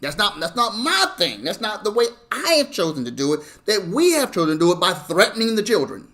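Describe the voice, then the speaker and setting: This male pastor's voice sits high and sounds pushed and bright, and he preaches fairly quickly with a lot of animation. His sermon is conversational, with frequent "okay?" check-ins to the congregation, and he acts out parents and children in quoted voices.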